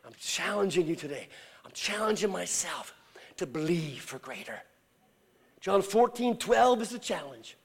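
A man preaching as a traveling evangelist, telling a story and acting out the voices in it, swinging from shouts to hushed whispers. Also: high voice, very animated, a little slow, creaky, breathy edge. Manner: acts out quoted voices in storytelling. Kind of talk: sermon.

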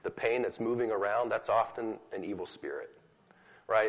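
A man speaks to an audience in a casual, story-driven teaching style, full of fillers and asides. His voice sits a little low. The recording is dull and lo-fi, with a long echo from a large hall. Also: fast. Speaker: speaker teaching about healing prayer. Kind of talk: conversational teaching talk to an audience.

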